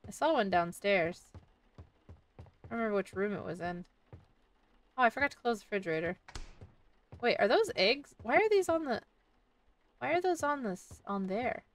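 A gaming YouTuber plays a horror game and keeps up a playful, casual let's-play commentary, often talking to the game's baby. Her mid-range voice is expressive and moves at a normal speed with long pauses, and she sits far from the mic.

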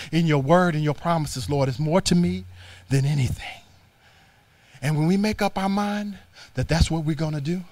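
A man's voice: on the high side, darkish tone, no room sound. A man preaching a sermon as youth pastor in a church, with a fervent, repetitive cadence and folksy everyday phrasing. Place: church sanctuary.

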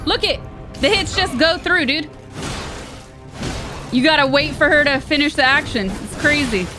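A woman's voice: high-pitched, lively intonation, unhurried, long pauses. Woman streamer with game music behind. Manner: frustrated, sarcastic, shouts when hit. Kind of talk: live gameplay commentary.

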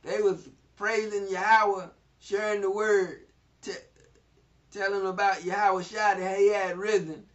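Guy with a high voice teaching bible verses, laughing a lot, sounds far off and kinda muffled. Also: level tone, measured pace. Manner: laughs often, retells verses in plain speech. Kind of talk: informal scripture teaching. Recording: distant mic, dull lo-fi sound.

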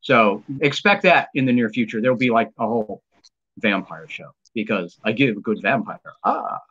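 A man hosts a live stream in a mid-pitched voice, talking with eager enthusiasm. He rambles, restarting sentences and filling gaps with ums and uhs. The stream audio is slightly muffled. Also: lively intonation, normal speed, a bit bright, husky. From United States. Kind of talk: casual live stream chat.

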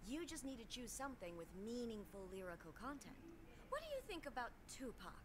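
A woman's voice: on the high side, big pitch swings, brisk, noisy background. A woman voicing an earnest English teacher in a game, prim and lecturing. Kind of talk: game voice acting.

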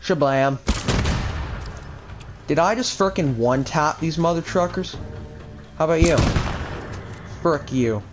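A young man giving casual, excitable gameplay commentary, trash-talking enemies with mild stand-in swear words. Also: a little high, takes it slowly, pauses often, music in the background. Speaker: gaming channel host.

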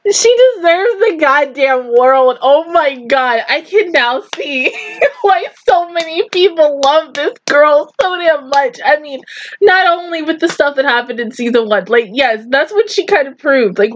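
A woman reviewing anime in a casual, emotional way, swearing freely and sounding close to tears. Her voice sits high and swings widely in pitch. The recording sounds a little dull and lo-fi. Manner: gushing, emotional, swears often. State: teary, close to crying. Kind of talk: casual reaction commentary.

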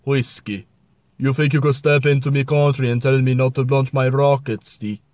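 A man's voice: mid-range voice, level tone, moderate pace, darkish tone, natural voice. A man putting on a proud, threatening mock-Russian strongman character. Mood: menacing. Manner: growling, threatening swagger.

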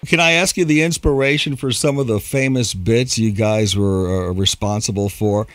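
A man's voice: on the low side, normal speed, no room sound. A man hosting a radio interview show, asking questions in a friendly, fan-like way.

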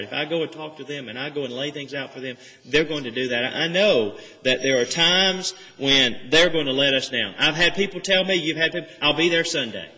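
Man, preacher, earnest sermon, bright forceful voice, fairly high, long church reverb. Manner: earnest expository preaching, rising emphasis on key phrases. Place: church sanctuary.

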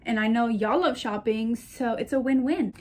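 Young woman, casual vlogger, slightly high voice, gushing and chatty. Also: normal speed, darkish tone. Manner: gushing, chatty, talks to her purses. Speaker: shopping vlogger. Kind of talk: casual chat to camera.

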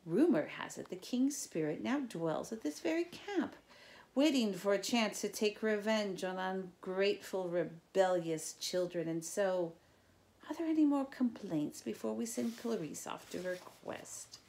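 Woman doing a croaking, sly villainous old king. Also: medium pitch, animated. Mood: menacing. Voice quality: croaking, hushed menacing whisper. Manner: slow, sly storytelling with sudden loud orders. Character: sinister old male king, spiteful and gloating.

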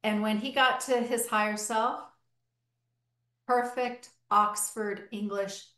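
A woman's voice: on the high side, steady tone, slow, fairly bright tone. A woman hosting a podcast conversation, telling stories from her hypnotherapy sessions with enthusiasm. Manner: enthusiastic, storytelling. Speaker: hypnotherapy practitioner and host. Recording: echoey room.

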